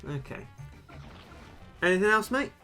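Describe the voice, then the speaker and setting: A young man with a British accent chatting casually while streaming a game, rambling and pausing with frequent ums. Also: sits high, expressive, sharp tone, soft background music. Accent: British English. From Britain. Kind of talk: casual gaming stream chat.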